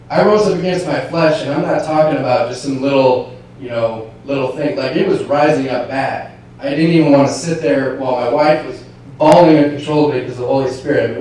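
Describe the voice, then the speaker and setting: A man's voice: mid-range voice, slight background noise. Man preaching in an echoey church. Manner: storytelling, acts out inner dialogue, swings from hushed to shouting. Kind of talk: sermon testimony. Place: large church hall. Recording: echoey church hall from far off.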